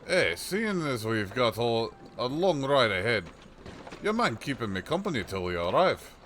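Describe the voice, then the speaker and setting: A man's voice: medium pitch, sing-song, moderate pace, a bit bright, slight background noise. A man doing a chatty old peddler. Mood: folksy. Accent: put-on rustic accent. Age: older. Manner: rustic folksy dialect, rambling storyteller. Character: chatty old male peddler, folksy and shrewd. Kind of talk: reading game dialogue aloud on a livestream.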